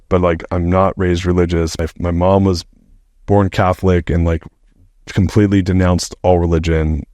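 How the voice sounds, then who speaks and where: Middle-aged male podcast guest, deep and dry, loose profane storyteller. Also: no echo. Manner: animated, rambling, heavy use of "like", swears freely. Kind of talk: casual storytelling.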